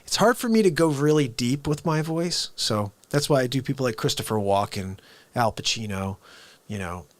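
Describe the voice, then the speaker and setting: A man hosts a daily live variety show, chatting casually and jokily in a medium-pitched voice at a moderate pace with no room sound. He's animated, laughs often, and drifts from topic to topic in this casual livestream chat.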